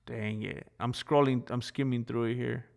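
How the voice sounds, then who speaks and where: A man live-streaming in a loose, rambling way, talking straight to his chat. He laughs easily and drifts from one thought to the next, with a voice that sits in an ordinary middle pitch. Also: steady tone, moderate pace, creaky, a little mellow.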